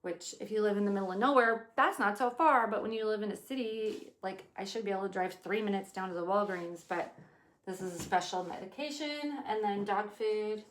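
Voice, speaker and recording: A woman in her fifties chatting casually as she plans her day out loud, rambling and swearing now and then. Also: medium pitch, fairly quick, echoey room. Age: 50s. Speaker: vlogger. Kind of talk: casual day-planning chat.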